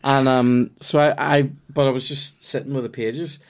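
A man's voice: medium pitch, steady tone, moderate pace. A man, a podcast guest who talks casually and jokes at his own expense, swearing as he goes. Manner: self-mocking, banters and swears. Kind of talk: casual chat.

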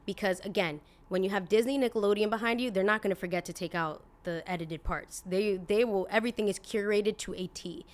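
Talking a little fast and barely pausing, a woman in her twenties with a medium-pitched voice hosts a casual opinion podcast. Her monologue is blunt and indignant, full of "like," with a curse here and there.

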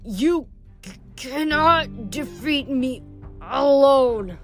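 A woman's voice: on the high side, animated, a little slow, darkish tone, faint music behind. A woman voicing a huge, cruel male sea giant who snarls threats. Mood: groaning.

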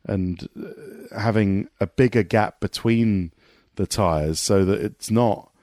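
A man talking as a motorsport pundit guest in a casual podcast conversation, animated and rambling, with many restarts. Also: lowish voice, slow pace, dry recording, studio quality.

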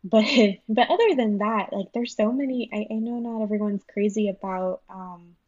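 A woman's voice: medium pitch, normal speed, darkish tone, dry recording. Young woman guest rambling along, lots of likes and ums, laughs a lot, dull dry mic. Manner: rambling, laughs often, many fillers. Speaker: guest, animation writer and storyboard artist. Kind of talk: casual interview chat.

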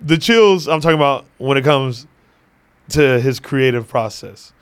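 A man's voice: mid-range voice, animated, unhurried, smooth. Laid-back joking male podcast host. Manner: loose, joking, laughs often, swears freely. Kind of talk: casual podcast chat.

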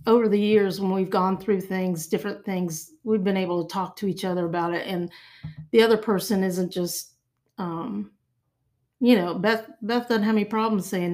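A woman's voice: mid-range voice, steady tone, moderate pace, darkish tone. An older woman from Ohio, a podcast guest talking in an earnest, reflective way. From Ohio, USA. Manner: earnest, reflective, restarts phrases. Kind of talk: casual conversation.

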